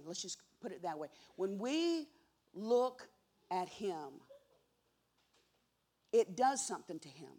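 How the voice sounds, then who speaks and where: Woman preaching hard, goes from whispery to loud, says the same words over and over for punch. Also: mid-range voice. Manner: swings from hushed whispers to loud emphatic cries; repeats key words for emphasis. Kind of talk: sermon.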